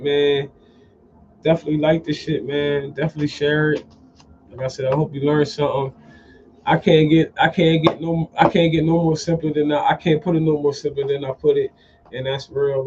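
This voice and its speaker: Profane, animated man with a fairly high voice. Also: a little hiss or hum. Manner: profane, animated, repeats phrases. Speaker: podcast host. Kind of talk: casual storytelling monologue. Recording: dull lo-fi sound.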